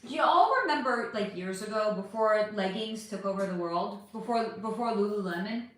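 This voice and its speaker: A woman's voice: mid-range voice, normal speed. Chatty woman in a very echoey room. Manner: chatty, laughing, swearing freely. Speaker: livestream host reading chat. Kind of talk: casual live chat.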